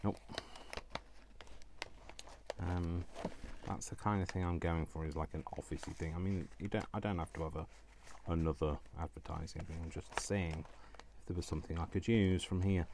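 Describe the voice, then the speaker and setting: A man's voice: low voice, steady tone, moderate pace, noisy background. A man hosting a crafting vlog, rambling casually and talking to himself as he sorts through craft supplies at his desk. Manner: rambling, talks to himself while sorting. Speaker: crafting channel host.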